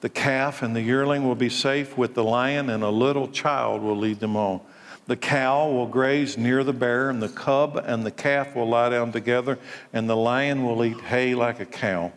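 A man's voice: mid-range voice, fairly even intonation, normal speed. A male pastor preaching a sermon, emphatic and full of rhetorical questions. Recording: long reverb of a large hall.

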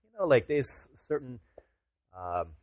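A man's voice: medium pitch, sing-song, unhurried, darkish tone, dry recording. A man preaching a sermon to his congregation, casual and chatty, rising to emphatic declarations. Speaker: pastor.

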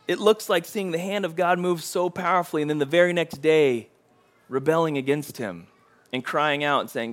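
A male preacher with a slightly high voice, talking to his congregation in a casual, conversational way. He acts out the quoted lines with rising intensity. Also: moderate pace. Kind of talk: sermon.

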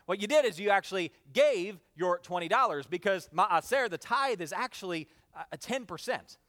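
A male pastor preaching a lively sermon, leading the congregation in repeated phrases and often filling pauses with "uh". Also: high-pitched. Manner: energetic, calls for responses from the congregation; frequent "uh" fillers.

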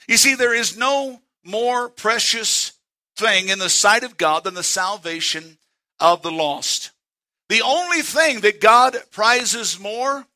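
A male pastor, preaching a sermon in church and quoting scripture with slow, emphatic stresses. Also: very high-pitched, bright, forceful tone.

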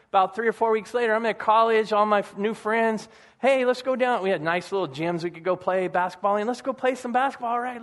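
A male pastor preaching a sermon in a conversational, animated storytelling manner. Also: high voice.

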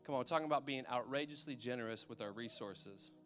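A man's voice: medium pitch, quick pace, a bit bright, faint music behind. A man preaching a sermon in a loose, conversational way, often checking in with his listeners.

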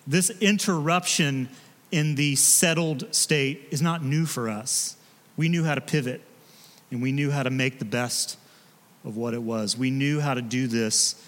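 A man, a pastor preaching in a relaxed, conversational way with joking asides to his congregation. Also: medium pitch, big-room sound. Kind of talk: sermon. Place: church sanctuary.

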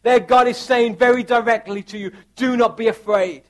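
A pastor preaching a sermon, reading scripture aloud with earnest, rising emphasis. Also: male voice, sits high, fairly even intonation, normal speed, hardly any pauses.

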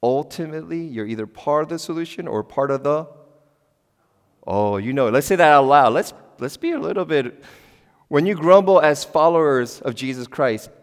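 A man's voice: mid-range voice, lively intonation, normal speed. A middle-aged male pastor delivers a sermon with an ordinary mid-range voice. He talks to the congregation in a conversational, emphatic way, firing questions at them. His voice carries a long reverb from a church hall. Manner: conversational and emphatic, asks the congregation questions, sudden loud exclamations. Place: church sanctuary.

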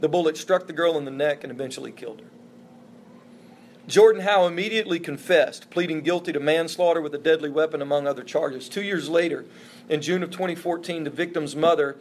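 A man's voice: on the high side, a little fast, slight background noise. A man preaching a sermon as a pastor, earnest and emphatic, with repeated phrases for stress. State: emotional, voice breaking.

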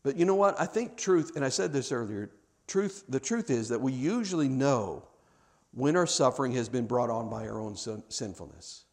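A man preaching a sermon, swinging from hushed, reflective stretches to loud, impassioned ones. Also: medium pitch, lively intonation, moderate pace.

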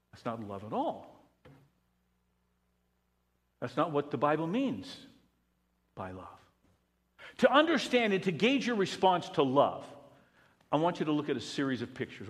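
A pastor delivers a sermon in a fairly high male voice, building to loud emphatic peaks before dropping to near hush. His words ring with long reverb around a large hall. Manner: animated preaching, swings from loud emphatic to hushed.

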